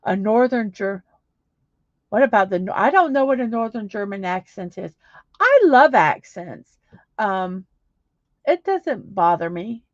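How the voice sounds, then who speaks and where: A woman's voice: medium pitch, expressive, a little slow, pauses often, no echo, muffled recording. A middle-aged woman hosting a small live stream, chatting casually and reading viewer comments, with many fillers and restarts. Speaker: livestream host.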